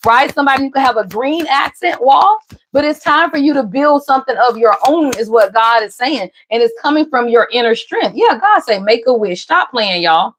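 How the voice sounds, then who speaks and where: A woman doing a casual tarot reading for viewers, talking emphatically and often calling out "somebody" and "y'all". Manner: emphatic, repeats "somebody" and "y'all", jumps in pitch. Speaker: tarot reader.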